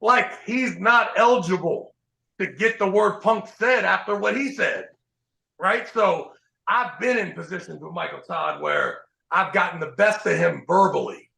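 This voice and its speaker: A man hosting a podcast, telling profane, animated stories in casual chat. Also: high voice, a little slow, creaky, roomy sound, poor audio. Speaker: podcast host.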